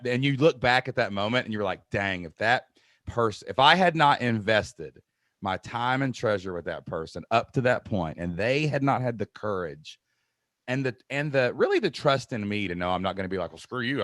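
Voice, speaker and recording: A man hosting a podcast, telling a story casually, swinging between loud bursts and quiet asides. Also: mid-range voice, expressive, normal speed, no echo, studio quality. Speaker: podcast host. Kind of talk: casual conversation.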